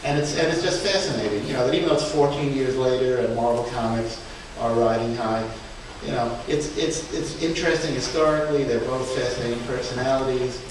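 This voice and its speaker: A man with a mid-pitched voice walks an audience through slides in an informal talk, stopping and restarting often and chuckling now and then. He is heard from far off in a very echoey room, with clear background noise under his voice. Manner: halting, many restarts and fillers, chuckling. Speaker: speaker at a book event. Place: event room in a museum.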